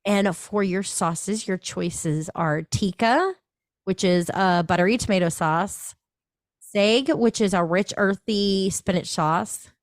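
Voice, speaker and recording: A woman's voice: fairly low pitch, no room sound, clean studio sound. A woman hosting a podcast in casual chat, reading menu items aloud. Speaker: podcast host.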